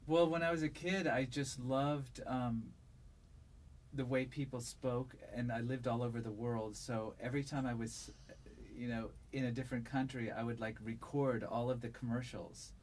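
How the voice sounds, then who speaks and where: A man who narrates audiobooks, answering interview questions in a relaxed, thoughtful way with a resonant voice and frequent fillers. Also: mid-range voice, normal speed, slight background noise. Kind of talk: conversational interview.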